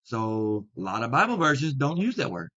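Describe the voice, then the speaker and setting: A man teaching about Bible translations in a video talk, speaking deliberately and stressing key words. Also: medium pitch, big pitch swings, bright, forceful tone. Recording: slightly dull lo-fi sound.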